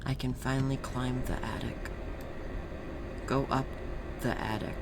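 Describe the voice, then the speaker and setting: A man doing let's play commentary, emotional, dropping to hushed whispers and rising to loud cheers. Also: medium pitch, level tone, unhurried, very noisy. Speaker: game streamer.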